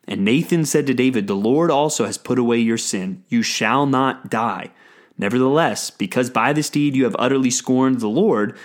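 A man preaching a sermon in a conversational teaching manner, with frequent restarts and fillers, slowing into a graver tone when he reads scripture aloud. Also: mid-range voice. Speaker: pastor. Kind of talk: sermon teaching on a Bible passage.

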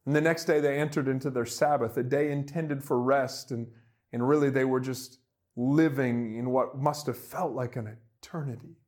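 A man preaches a sermon with an earnest, heartfelt delivery. His mid-range voice climbs to emphatic peaks, then falls to soft, hushed lines. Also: medium pitch, fairly even intonation, moderate pace. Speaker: pastor.

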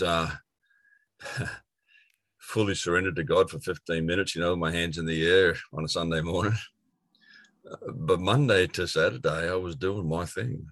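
A middle-aged Australian man with a strikingly deep, low voice recounts his own story in an earnest, rambling way, full of "um"s and false starts. The sound is dry and close, with no room around it. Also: a bit bright, no echo. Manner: earnest storytelling with frequent fillers and restarts. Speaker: guest. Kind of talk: personal testimony in an interview.

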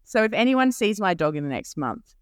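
A woman's voice: mid-range voice, very animated, fairly quick, no room sound, clean studio sound. A woman co-hosting a podcast, telling a story in casual chat and laughing often. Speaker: podcast co-host.

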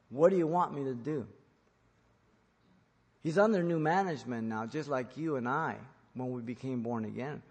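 A man preaching an expository sermon in church, emphatic, rising to loud peaks when quoting. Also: on the high side, breathy edge, in a large hall. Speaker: pastor.

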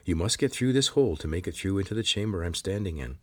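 Brief: male narrator doing a polite nonhuman cave guide, formal and stiff, raised a few notes above a low husky voice. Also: lively intonation, fast talker. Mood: formal, earnest. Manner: formal, stiff, calls him sir. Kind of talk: audiobook character voice.

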